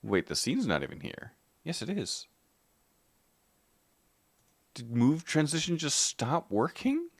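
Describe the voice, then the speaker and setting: Guy streamer greeting chat and mumbling through tech fixes, voice bounces up and down, slow and unhurried, dry close sound. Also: a little high, wildly swooping pitch, no room sound. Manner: muttering to himself while fixing tech, greeting chat by name. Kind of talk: casual live-stream chat.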